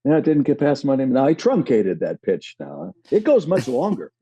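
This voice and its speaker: A middle-aged man, a guest on a podcast, telling stories in an animated, halting way. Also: medium pitch, breathy edge, dull audio. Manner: animated, halting storytelling with restarts. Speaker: guest, actor. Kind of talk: podcast conversation, storytelling.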